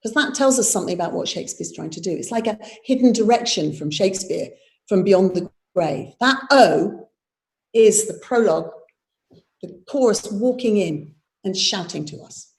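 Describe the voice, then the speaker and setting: A woman's voice: medium pitch, lively intonation, moderate pace, gravelly. A woman, a theatre director leading a live online workshop, explaining verse and tapping out its rhythm aloud. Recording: roomy echo.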